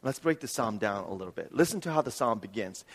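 A man preaching a sermon as pastor, swinging between loud emphatic stretches and soft hushed ones. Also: fairly low pitch, animated, fast talker, slightly rough, long reverb tail.

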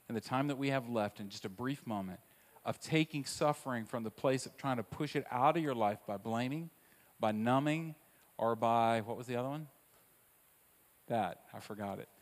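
Man, preacher, sermon, dynamic delivery, soft asides then loud repeated lines, voice ringing in a big church. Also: mid-range voice. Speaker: pastor. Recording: long reverb of a large hall.

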